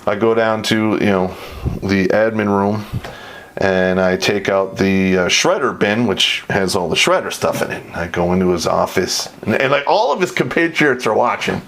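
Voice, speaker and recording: A man's voice: on the low side, lively intonation, normal speed, a bit bright, a little hiss or hum. A middle-aged man telling army stories in a casual, profane, laid-back way, often laughing as he talks. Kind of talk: casual storytelling.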